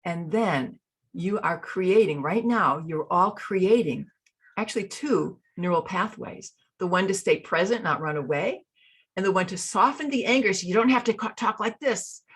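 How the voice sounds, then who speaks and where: A middle-aged woman coaching an online workshop, guiding a group through body exercises and slowly repeated mantras in a soothing, rhythmic way. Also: medium pitch, fairly bright tone, slightly rough. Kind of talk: guided embodiment exercise.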